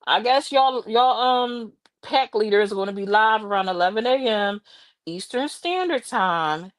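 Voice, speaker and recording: A tired woman hosting a casual chat with her viewers, sassy and animated, talking while out walking a dog in the rain. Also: medium pitch, unhurried, no echo. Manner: sassy, animated, slangy and drawling. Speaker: livestream host.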